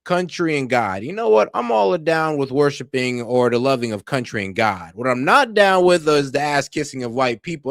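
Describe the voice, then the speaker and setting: Guy doing reaction commentary, lively bouncy pitch, dry close sound, laughs a lot. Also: normal speed, gravelly, few pauses, no room sound. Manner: animated, slangy, laughs often. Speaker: streamer reacting to clips.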